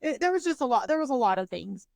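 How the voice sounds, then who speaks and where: A woman in her twenties, co-hosting a podcast, telling a story in an animated, profane way with lots of fillers. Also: fairly high pitch, quick pace, creaky, no echo, studio quality. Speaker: podcast co-host. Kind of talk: casual storytelling chat.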